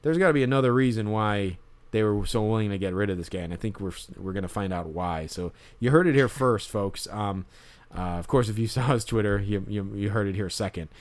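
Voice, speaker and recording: A man's voice: on the low side, fairly quick. A man telling a story in casual podcast chat, rambling with lots of fillers and restarts.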